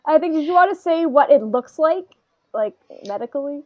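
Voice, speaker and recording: The audio is dull, and the woman's voice is high at a normal pace. As a podcast co-host, she casually recaps an anime episode, wandering off on tangents, laughing a lot, and imitating characters when she quotes them.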